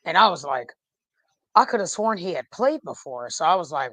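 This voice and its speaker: A woman, a podcast guest chatting casually about football, animated and laughing often, trailing off mid-thought. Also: medium pitch, normal speed, no room sound. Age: 40s. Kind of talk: casual fan chat.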